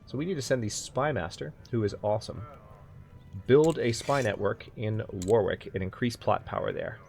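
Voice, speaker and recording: A man's voice: mid-range voice, moderate pace, vocal fry, darkish tone. A man hosting a let's play, chatting casually and thinking aloud as he plays. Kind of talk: casual gaming commentary.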